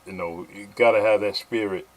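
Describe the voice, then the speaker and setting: A man's voice: on the low side, fairly even intonation, fairly quick. A man hosting a casual podcast interview, encouraging his guest with frequent short affirmations. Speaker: podcast host.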